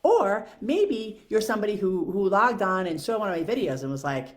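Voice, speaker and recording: A woman's voice: medium pitch, big pitch swings, normal speed. A woman vlogger talking through her own thoughts in a candid, self-questioning, casual monologue. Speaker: video blogger. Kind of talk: reflective personal monologue.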